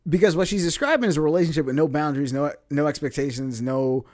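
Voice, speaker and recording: A young podcast co-host with a slightly high voice chats casually through a story, animated and laughing often as he acts out the people he quotes. He talks fast, and the sound is dry and close with no room behind him.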